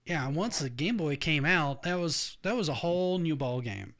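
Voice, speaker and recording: A man's voice: a little high, lively intonation, normal speed, fairly bright tone, a little hiss or hum. A middle-aged man hosting a casual podcast chat, rambling with frequent restarts and laughing often. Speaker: podcast host.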